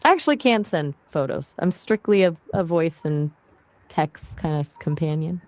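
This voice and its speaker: A woman's voice: sits low, expressive, moderate pace, a little mellow, no room sound. A woman's voice as an AI voice assistant, chatting casually and friendly, answering questions and asking questions back.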